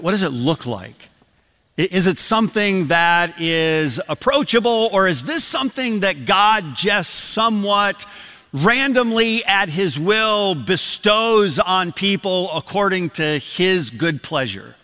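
Older preacher with a bright, echoing voice. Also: male voice, high voice, animated, takes it slowly. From Michigan, USA. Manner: storytelling with many restarts and asides. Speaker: pastor. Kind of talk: evening church sermon. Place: church sanctuary.

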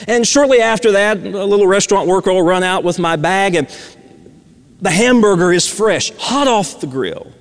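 High-voiced preacher in a reverberant hall. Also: male voice, animated, moderate pace. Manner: storytelling, swings from loud emphasis to hushed near-whispers. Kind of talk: sermon.

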